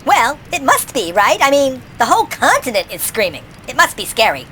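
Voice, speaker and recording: A woman playing a deadpan crew member. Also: high-pitched, a little fast, a little hiss or hum, exaggerated voice. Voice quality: deadpan, reasoning aloud.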